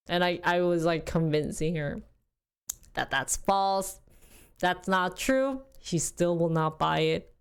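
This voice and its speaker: A young woman chatting casually on a livestream, rambling with frequent laughs and a voice going a little hoarse. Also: on the low side, moderate pace. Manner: chatty, rambling, laughs often, quotes family in lively bursts. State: losing her voice. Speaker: streamer.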